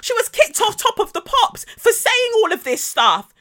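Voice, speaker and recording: A woman's voice: big pitch swings, moderate pace, a bit bright, heavily acted. A woman mimicking a furious, panicking female presenter who rants and swears in exasperation. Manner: shrill, swearing, exasperated ranting.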